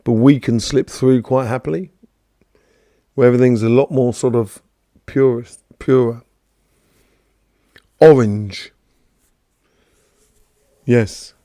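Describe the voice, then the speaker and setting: Man, gravelly voice, mellow tone, chatty and rambling, live stream host. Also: medium pitch, fairly even intonation, slow pace, long pauses, no echo, studio quality. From London, England. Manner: rambling, chatty, greets viewers by name, many fillers. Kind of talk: casual spiritual talk answering viewers.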